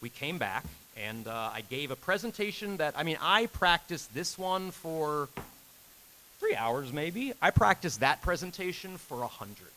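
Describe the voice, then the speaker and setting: Speaking at a measured pace but very animated, a game director in his thirties tells a convention panel audience a long personal story. His voice is bright and forward throughout, leaping in pitch to act out each quote, and he laughs as he speaks. The audio is poor, with a faint hiss beneath it.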